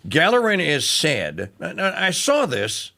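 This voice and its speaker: A male talk radio host in mid-monologue, his voice sitting a bit high and swinging widely in pitch. He sounds sarcastic and animated, often stumbling and restarting as he goes. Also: a little slow, vocal fry.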